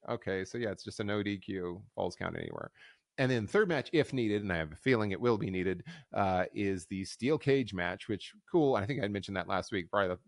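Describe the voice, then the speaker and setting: A man with a fairly low voice talks through a casual wrestling recap in an opinionated, wry way. He restarts sentences often. The recording is close-miked and dry, with no room sound. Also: dry recording. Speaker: wrestling recap podcast host.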